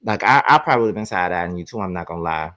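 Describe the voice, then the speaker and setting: A man's voice: low voice, expressive, fast talker, sharp tone. A man reacting to a story in casual commentary, blunt and conversational, repeating himself.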